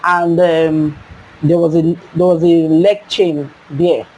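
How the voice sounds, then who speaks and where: A young Nigerian woman telling a personal story in a casual, animated way, jumping up into high cries as she acts out her younger self. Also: slow pace, low-quality recording.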